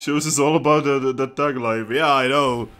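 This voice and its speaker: Speaking at a normal speed in a mid-range voice, this let's player reacts to the game with excitement, laughing and cursing frequently in a casual commentary style.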